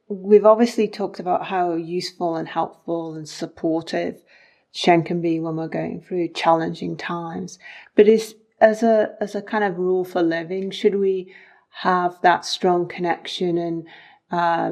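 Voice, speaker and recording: A woman's voice: on the low side, creaky, a little mellow. A woman co-hosting a conversation, thoughtfully posing questions on behalf of listeners. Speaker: co-host. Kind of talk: interview conversation.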